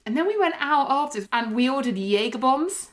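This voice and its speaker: A young woman co-hosting a podcast, chatting casually and telling stories with lively swearing. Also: high-pitched, brisk. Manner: chatty, swears freely, animated storytelling. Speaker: podcast co-host. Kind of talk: casual chat.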